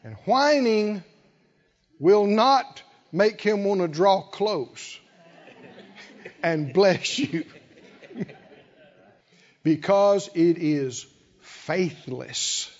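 An older man with a high-pitched voice preaches a sermon, animated and chuckling often, with slow, emphatic delivery. The lo-fi recording sounds dull.

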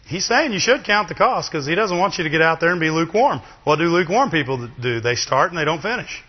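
A man preaching a sermon in a lively, chatty way, with asides to the congregation. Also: fairly high pitch, quick pace, slightly rough. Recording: dull, long reverb of a hall.

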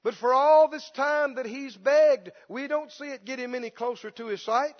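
High-voiced male preacher in a reverberant hall. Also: moderate pace. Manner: impassioned, mimics pleading beggars in a whimper. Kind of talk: sermon. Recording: dull sound with long hall reverb.

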